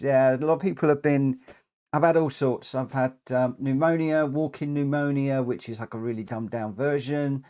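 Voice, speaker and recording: A man's voice: mid-range voice, steady tone, normal speed, dark tone. A man chatting through a live racing game stream, rambling with frequent ums, a bit short of breath and coughing now and then. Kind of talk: live gameplay commentary.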